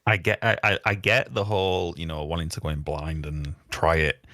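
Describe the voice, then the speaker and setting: A game developer being interviewed, talking earnestly with many stammered restarts. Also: male voice, low voice, little pitch movement, normal speed, sharp tone, no room sound, clean studio sound. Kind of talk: casual interview chat.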